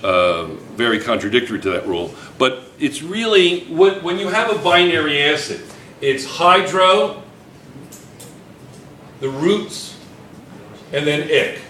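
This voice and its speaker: Male chemistry teacher, bright voice, drills the class with repeated questions; roomy classroom sound. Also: a little high, sing-song, normal speed, recorded from a distance, slight background noise. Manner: quizzing students, repeating questions. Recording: echoey classroom.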